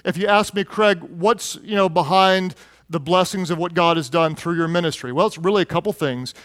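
A middle-aged man preaching with a fairly high, bright-edged voice, close and dry with no room sound. He tells stories in an animated way and jumps into excited quoted voices. A pastor's sermon delivery. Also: moderate pace, dry recording.

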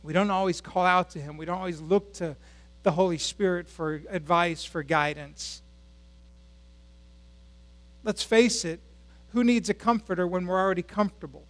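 A man's voice: high-pitched, moderate pace, pauses often, fairly bright tone. A male pastor preaching a sermon at a church service in a conversational way, asking the congregation questions.

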